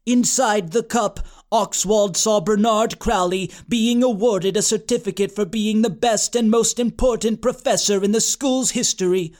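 A man's voice: high voice, measured pace, darkish tone. A man reading a comic story aloud in a dry, matter-of-fact storytelling manner. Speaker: audiobook narrator. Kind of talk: scripted comic narration.

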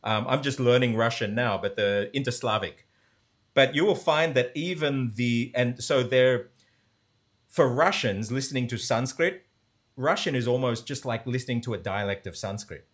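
This man talks at normal speed in a medium-pitched voice, explaining language sounds with conversational enthusiasm. He regularly sounds out sample syllables as demonstrations.

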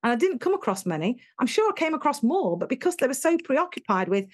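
A British woman talking in an interview, telling stories in an animated, emphatic way and acting out what people said. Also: high voice, fast. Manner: animated, emphatic storyteller who acts out quotes. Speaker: interview guest, education speaker. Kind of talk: conversational interview.

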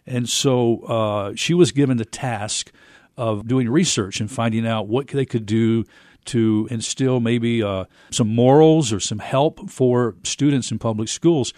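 A man hosting a radio interview, asking measured questions with long setups. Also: medium pitch, a little mellow, dry recording, clean studio sound. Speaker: radio show host.

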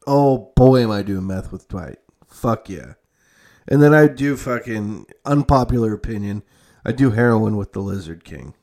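This young adult man hosts a podcast, rambling through casual chat with free swearing, lots of fillers, and frequent restarts and self-corrections. His voice is on the low side and darkish, with lively intonation at a normal speed.

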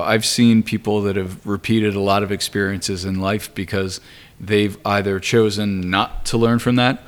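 Brief: middle-aged man with a low voice, measured and gentle, gives advice in conversation.

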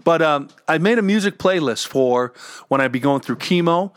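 A man's voice: a little high, lively intonation, normal speed, dry recording. Earnest man with a dry close sound. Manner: earnest, repeats words when emotional. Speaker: cancer survivor and entrepreneur sharing advice. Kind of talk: candid personal talk. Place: home with dogs.

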